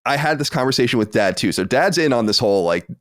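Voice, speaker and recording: A man in his late thirties, a podcast co-host, telling an animated story with exasperated asides in casual chat. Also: mid-range voice, fast, no echo, clean studio sound. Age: 30s.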